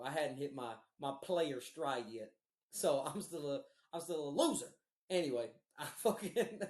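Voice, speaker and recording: Animated young man telling stories, echoey room. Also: a little high. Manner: animated, profane, laughs often, slangy. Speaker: podcast co-host. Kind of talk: casual storytelling chat.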